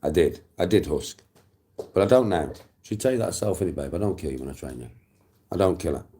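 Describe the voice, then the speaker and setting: A middle-aged Englishman with a very low, mellow voice, chatting casually. He rambles, swears freely and circles back over his own phrases. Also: animated, brisk. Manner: rambling, profane, repeats himself. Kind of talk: casual storytelling chat.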